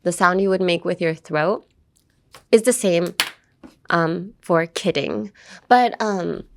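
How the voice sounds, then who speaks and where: A woman's voice: on the low side, slow, vocal fry, a little hiss or hum. A young woman hosting a casual podcast lesson, chatting playfully and repeating words over and over to demonstrate how they sound. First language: English. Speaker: podcast host teaching English pronunciation.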